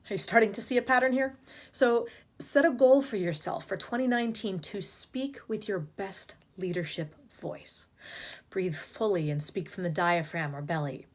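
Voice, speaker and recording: A woman's voice: mid-range voice, moderate pace. Woman, voice coach, upbeat, emphatic, advice to camera. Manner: demonstrates vocal habits by mimicking them. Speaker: voice and leadership coach. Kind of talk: direct-to-camera advice talk.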